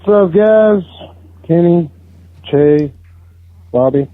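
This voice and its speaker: A man's voice: fairly high pitch, animated, slow, dry recording. A man phoning in to a fan podcast, venting in an exasperated, profane way with frequent groans. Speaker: phone-in caller. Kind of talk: phoned-in fan rant. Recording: tinny phone line.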